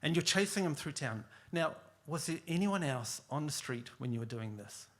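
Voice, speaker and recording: A man voicing a deliberate defence lawyer questioning witnesses in court. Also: fairly high pitch, animated, a bit bright. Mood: measured. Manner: measured, questioning, repetitive.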